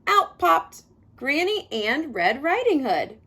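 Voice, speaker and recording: A woman reading a children's picture book aloud, with a lively, highish voice that rises and falls. She stops now and then to chat with young listeners about the story. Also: unhurried. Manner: expressive, adds chatty asides to kids.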